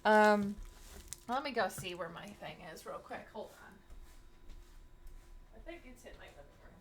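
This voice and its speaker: A woman streamer chatting casually with her viewers, excitable and talkative, loudly greeting people in chat. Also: medium pitch, unhurried, slight background noise. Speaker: streamer host.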